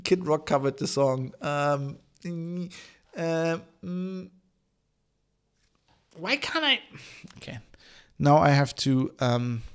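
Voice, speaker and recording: A male podcast host, hoarse from hay fever, chatting casually on his own, rambling with lots of fillers, restarts and swearing. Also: fairly high pitch, expressive, slow, pauses often. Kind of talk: casual solo podcast chat.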